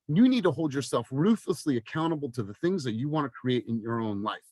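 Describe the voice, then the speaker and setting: A man's voice: medium pitch, lively intonation, brisk, hardly any pauses, no echo. Passionate, swearing man coaching a team. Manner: passionate, swears, rising to near-shouting. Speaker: sales coach. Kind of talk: motivational team meeting talk.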